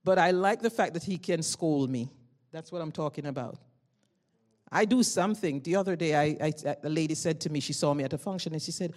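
Loud, fervent woman preaching a sermon. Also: sits low, a little fast. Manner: conversational storytelling with rising emotional bursts.

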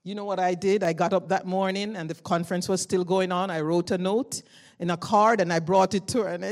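A woman preaches from the pulpit, loud and fervent, moving between easy conversational storytelling and sudden surges of feeling. Her delivery is personal and direct, like she is talking to each listener in the congregation. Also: fairly low pitch, fairly even intonation, brisk. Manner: conversational storytelling with rising emotional bursts. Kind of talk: sermon.

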